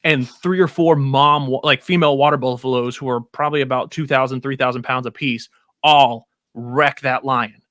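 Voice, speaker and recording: A man with a bright, forceful mid-range voice making his point in a rambling, opinionated way, circling back and restarting often. The sound is dry and close, as in a casual podcast chat. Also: medium pitch, fairly even intonation, normal speed, no room sound. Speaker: podcast co-host.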